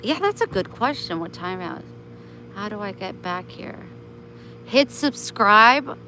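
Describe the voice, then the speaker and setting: A woman on a casual live stream who talks slowly and gently, with a bright, forward voice. She speaks kindly and motherly to her viewers and her pets. Faint outdoor noise sits behind her. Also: medium pitch, expressive, rough recording. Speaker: vlogger chatting with live viewers.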